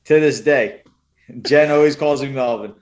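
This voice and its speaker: A man's voice: mid-range voice, normal speed, noisy background. Laughing, swearing guy. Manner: profane, laughs often, jumps in. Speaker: podcast co-host. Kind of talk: casual banter with a friend.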